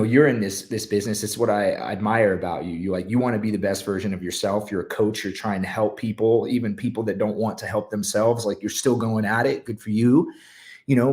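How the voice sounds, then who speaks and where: A man with a somewhat low voice speaks as a podcast guest. He talks in an earnest, encouraging way and leans on "like" and "you know" as he goes. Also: a little mellow. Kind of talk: casual podcast chat.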